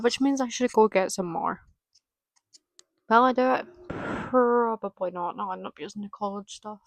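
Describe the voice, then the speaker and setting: A woman's voice: medium pitch, creaky, no echo, poor audio. Chatty young woman vlogging. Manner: chatty, swears casually, laughs often. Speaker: hairdressing student. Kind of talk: casual vlog chat.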